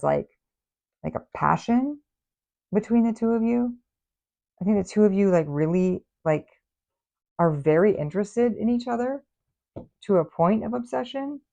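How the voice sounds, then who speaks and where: Playful, gravelly-voiced woman tarot reader. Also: on the low side, warm tone, lo-fi sound. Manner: playful, chatty, teasing scolding. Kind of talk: casual tarot reading for viewers.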